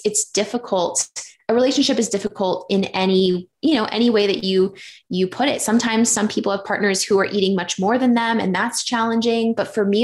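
A woman in her thirties talking openly in a casual conversation, chatty and animated when she retells things. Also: mid-range voice.

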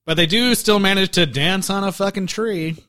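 A man's voice: high voice, normal speed, sharp tone. A man co-hosting a casual podcast, laughing often and acting out movie scenes with silly voices. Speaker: podcast co-host. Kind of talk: casual movie review chat.

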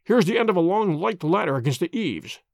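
A man's voice: sits high, very animated, fairly quick, no echo, clean studio sound, heavily acted. A man voicing a keen, authoritative detective in an audiobook reading. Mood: commanding. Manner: crisp, authoritative. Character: keen, commanding male detective.

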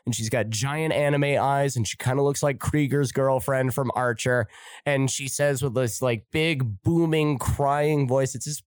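A man's voice: mid-range voice, fairly even intonation, measured pace, no echo. Flippant, sarcastic male podcast host. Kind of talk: comedic monologue.

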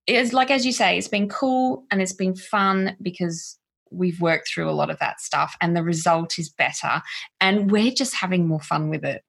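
A woman's voice: fairly low pitch, moderate pace, gravelly, a bit bright, breathy edge. A woman co-hosting a podcast, talking in casual, wry, laughing chat. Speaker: podcast co-host.

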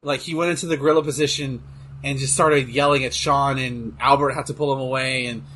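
A man co-hosting a casual chat while watching wrestling, excitable, swearing and trailing off into fillers. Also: mid-range voice, a little fast, a little hiss or hum. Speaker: podcast co-host.

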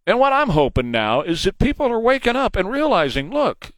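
A talk radio host from Texas, speaking with a Texan accent and strong emphasis. His voice sits fairly high for a man and swings widely as he drives each point home. The studio sound is close and dry. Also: wildly swooping pitch, brisk, fairly bright tone, no room sound. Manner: emphatic, repeats points for punch. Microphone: studio microphone.

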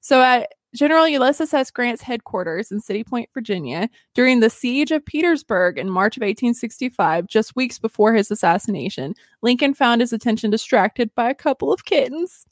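A woman's voice: on the high side, animated, normal speed, hardly any pauses, dry recording, clean studio sound. A woman hosting a casual history podcast, telling stories in a chatty, giggly way with lots of fillers. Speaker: podcast host.

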